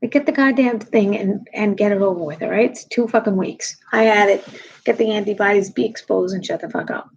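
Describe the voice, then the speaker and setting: A tired woman comedian with a low voice, ranting bluntly and sarcastically to her viewers in a casual chat. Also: fairly quick, lo-fi sound, slight background noise. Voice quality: low, husky. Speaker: comedian live-streaming.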